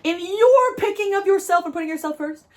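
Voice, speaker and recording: A woman from New Jersey giving a spiritual tarot reading, talking to viewers in an animated way, repeating phrases for emphasis and laughing often. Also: very high voice, brisk. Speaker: tarot reader.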